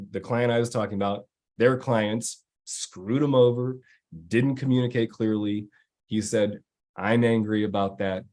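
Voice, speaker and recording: A man's voice: fairly low pitch, darkish tone. An executive coach, a man, telling a story to viewers in a loose, rambling way with many fillers and restarts. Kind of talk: casual live-stream talk answering viewers.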